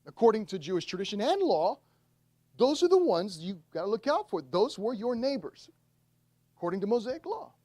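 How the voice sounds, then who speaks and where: A pastor delivers a sermon in an animated storytelling manner, his pitch rising and falling widely. The sound is dry and close, with no room echo. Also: moderate pace. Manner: animated storytelling, acts out voices in retelling.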